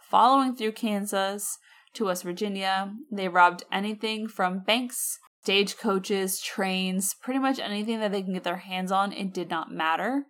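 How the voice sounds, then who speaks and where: A woman co-hosting a podcast, telling a history story in a casual, slangy way with chatty asides. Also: mid-range voice. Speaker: podcast co-host.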